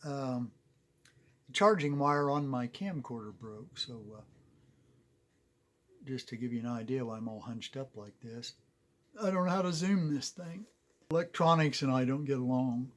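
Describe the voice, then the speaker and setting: A man's voice: mid-range voice, animated, moderate pace, pauses often. A male metal detecting show host chatting casually in a folksy, rambling, self-joking way, recorded on a cell phone. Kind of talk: casual chat.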